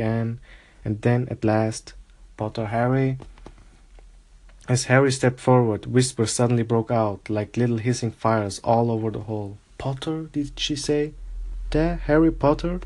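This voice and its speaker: A man calmly narrating a storybook aloud, with an even reading pace and small slips. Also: mid-range voice. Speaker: audiobook reader.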